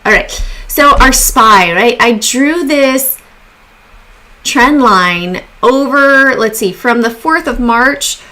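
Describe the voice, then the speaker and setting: A woman's voice: a little high, animated, slow pace, bright, forceful tone. A woman hosting a casual stock market livestream, chatty and upbeat, greeting viewers in the chat as she talks.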